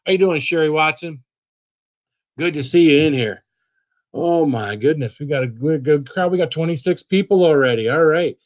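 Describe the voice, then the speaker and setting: A man hosting a casual live stream, greeting viewers one by one by name in a relaxed, chatty way. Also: fairly high pitch, moderate pace, highs cut off.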